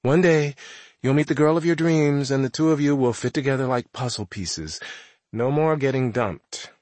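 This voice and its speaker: A man voicing a blunt, teasing teenage girl who speaks gently and reassuringly to her best friend in an audiobook. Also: mid-range voice, normal speed, dry recording, natural voice.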